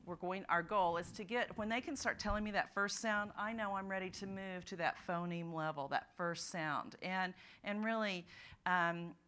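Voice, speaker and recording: A woman's voice: on the low side, moderate pace, bright, forceful tone, smooth. A woman presenting at a teachers' literacy conference, working through examples and modeling sounds and words aloud for the audience. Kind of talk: teaching workshop talk. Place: conference room.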